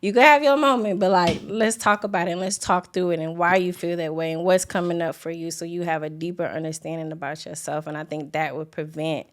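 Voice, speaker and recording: A woman's voice: lowish voice, fairly even intonation, brisk, hardly any pauses. A woman in a casual chat, speaking earnestly and reflectively. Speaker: podcast panelist.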